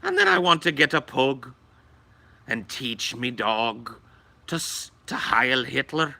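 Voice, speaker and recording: A man putting on a sentimental caricature of an Irishman, with an exaggerated mock Irish accent and a drawn-out, sing-song delivery. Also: medium pitch, very animated, sharp tone, dry recording, voice pushed up, full character voice. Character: hammy stage-Irishman, adult male, dreamy and sentimental.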